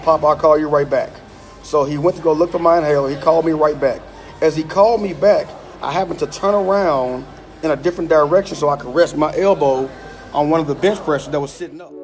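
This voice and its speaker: Angry man ranting on a phone. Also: a little high. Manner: angry, emphatic, repeats himself. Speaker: gym member live-streaming a complaint. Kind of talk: heated live-stream rant. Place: indoor gym. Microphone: phone live stream.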